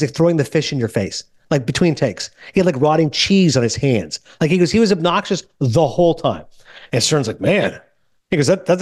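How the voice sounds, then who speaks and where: A man hosting a casual movie podcast, telling stories quickly and acting out the people he quotes. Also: a little high, no echo, studio quality. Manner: fast, animated storytelling with quoted voices. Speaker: podcast host.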